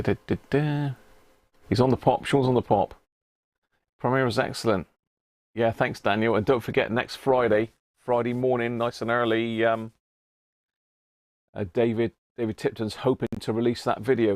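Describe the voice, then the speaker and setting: A middle-aged man talks casually on a live stream from his workshop. He is chatty and easygoing, greeting viewers by name and chuckling between remarks. His voice sits at a medium pitch and sounds dry and close, with no room echo. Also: level tone, moderate pace. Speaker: livestream host.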